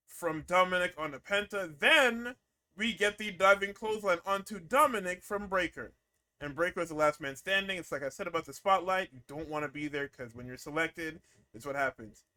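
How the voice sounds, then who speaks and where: A man's voice: on the high side, pushed and bright. A man co-hosting a podcast, recapping wrestling in casual, profane chat, acting out quotes and laughing often.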